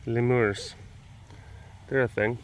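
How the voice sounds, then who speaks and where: Walking around outdoors at a rural animal facility, a man hosts a casual vlog as its animal keeper, rambling in a playful way and chatting with the animals. His medium-pitched voice stays steady and slow.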